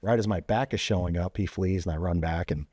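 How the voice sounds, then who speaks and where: Deep mellow guy telling an old police story, lots of "you know", acts out the voices. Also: brisk, husky, no room sound, clean studio sound. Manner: acts out quoted dialogue with lively voice jumps; loose, with many fillers like "you know" and "like". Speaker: guest, former police officer and Marine veteran. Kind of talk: casual storytelling.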